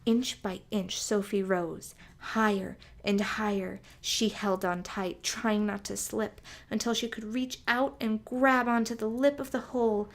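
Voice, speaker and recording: A woman reading a storybook aloud for toddlers in a gentle, soft-spoken way. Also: mid-range voice, steady tone, a little slow, hardly any pauses.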